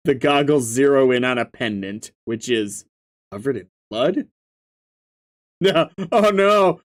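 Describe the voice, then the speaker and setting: A man's voice: mid-range voice, animated, slow. A man reading a webcomic aloud and reacting, who stammers, laughs often and breaks into sudden outbursts.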